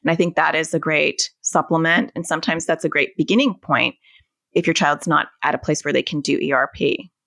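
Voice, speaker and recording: Woman therapist guest, low voice with a gravelly edge, explains patiently through family examples, dry close sound. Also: steady tone, fairly quick, fairly bright tone, no room sound. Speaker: anxiety and OCD therapist, guest. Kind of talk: podcast interview, explaining.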